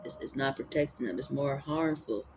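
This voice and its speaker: At a normal speed, a spiritual vlogger muses in a mid-range, slightly mellow voice with vocal fry, over slight background noise. The talk rambles casually through energy and spirituality, with repeated fillers and restarts.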